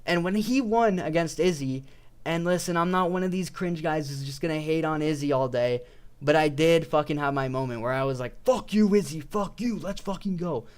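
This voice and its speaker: A man's voice: on the high side, fairly quick, clear, resonant tone. A young man talking casually into a desk mic as an MMA YouTuber, swearing freely, restarting sentences and often saying "but listen". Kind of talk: casual rambling commentary. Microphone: desk microphone.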